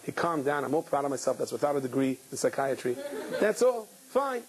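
A man's voice: medium pitch, a little fast, crowd noise, rough recording. A middle-aged man, a rabbi, telling a story in a sermon and acting out the people in it. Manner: lively storyteller who acts out the people in his stories.

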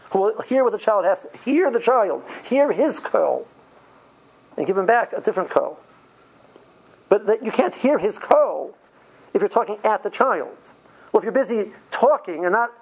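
A man teaching yeshiva students in an informal, animated Torah lecture, often stumbling and restarting his words. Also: sits high, breathy edge, low-quality recording. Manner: animated, stammering restarts, uses Yiddish and Hebrew study terms.

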